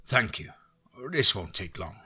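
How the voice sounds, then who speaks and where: A man voicing a polite, formal older male visitor in a spoken horror story, courteous and measured. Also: low-pitched, sing-song, pushed and bright, breathy edge, full character voice.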